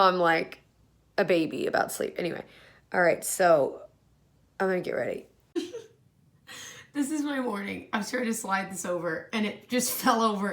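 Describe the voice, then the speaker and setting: A woman's voice: medium pitch, fairly bright tone. A young woman in her twenties talks casually to her camera while getting ready in a small room at home. She sounds tired and rambles from one thought to the next, with frequent laughs mixed into her chat. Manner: chatty and rambling, laughs often. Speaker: beauty vlogger.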